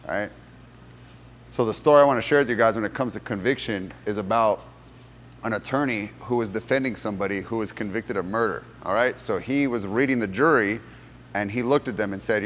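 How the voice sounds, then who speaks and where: A low-pitched man leads a sales workshop for gym coaches, talking with lively conviction. He slips into the voices of the people in his stories as he tells them. His voice rings out with the long reverb of a large room. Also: a little hiss or hum. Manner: animated storyteller, acts out courtroom voices. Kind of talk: motivational workshop talk with storytelling.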